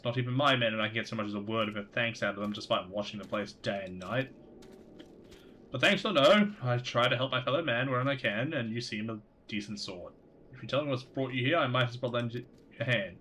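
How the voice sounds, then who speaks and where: A man's voice: mid-range voice, fast, sharp tone, a little hiss or hum, close to an everyday voice. A man reading as an earnest guard captain. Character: earnest male guard captain, helpful and wary. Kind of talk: reading game dialogue aloud.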